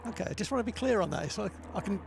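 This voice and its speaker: A man's voice: high-pitched, animated, very fast, creaky, background noise. A middle-aged man, a retired player giving chatty, wry co-commentary on live cricket. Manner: chatty, wry, musing asides.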